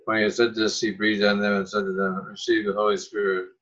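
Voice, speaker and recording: A man's voice: fairly low pitch, little pitch movement, fairly quick, a bit bright, slightly rough, highs cut off. A man reading a gospel passage aloud in church. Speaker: gospel reader. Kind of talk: scripture reading.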